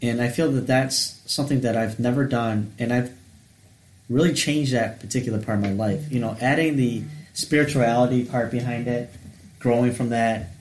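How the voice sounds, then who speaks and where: A man's voice: medium pitch, fairly even intonation, moderate pace. Male co-host, sincere and reflective, roomy echo on the voice. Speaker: podcast co-host. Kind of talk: casual faith-based chat.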